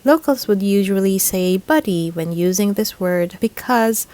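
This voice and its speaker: A woman's voice: medium pitch, warm tone, rough recording. A woman, teaching English pronunciation in a scripted lesson, repeating each word carefully. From Philippines. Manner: slow, deliberate, repeats each word several times. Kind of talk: scripted instructional narration.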